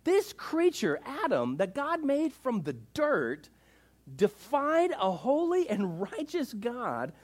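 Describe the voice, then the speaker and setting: A man impersonating a gruff, cranky old male preacher who shouts at his audience in indignation. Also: very high-pitched, huge pitch swings, slow, voice pushed up, full character voice. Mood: booming.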